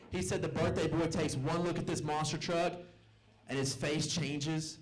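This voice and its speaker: A man's voice: a little high, steady tone, normal speed. A young man from the American South doing stand-up in a comedy club, loose and self-mocking as he acts out the people in his stories. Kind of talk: stand-up storytelling.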